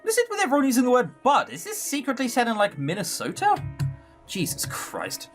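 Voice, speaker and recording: A man's voice: very high voice, wildly swooping pitch, fairly quick, faint music behind. A man playing through a visual novel, reading the text aloud and making sarcastic asides between lines. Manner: switches between narration and character voices. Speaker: visual novel let's player.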